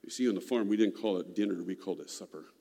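A man telling a personal childhood story in an unhurried, folksy, reflective way, heard in a reverberant hall. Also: low-pitched, gravelly, mellow.

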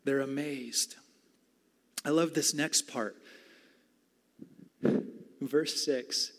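A man preaching a conversational sermon, animated and swinging between loud exclamations and soft whispers. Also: medium pitch, extremely slow, pauses often. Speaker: pastor. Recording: long hall reverb.

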